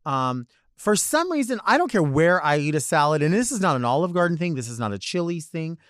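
A man's voice: fairly high pitch, very animated, brisk, fairly bright tone, dry recording, clean studio sound. A man in drag hosting a talk show, delivering a campy, theatrical comic monologue full of rambling asides. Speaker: podcast host in drag.

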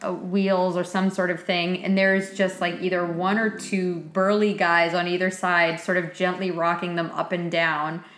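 A woman's voice: lowish voice, level tone, normal speed, hardly any pauses, a bit bright, reverberant. A woman from Massachusetts co-hosting a podcast, chatting casually and swearing now and then. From Massachusetts South Shore. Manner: chatty, quotes characters in put-on voices, swears. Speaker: podcast co-host. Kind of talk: casual chat.

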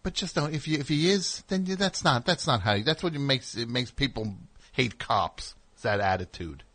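A man's voice: mid-range voice, animated, moderate pace, sharp tone. A man hosting a radio show, telling a story in a casual, rambling way with wry asides in the studio.

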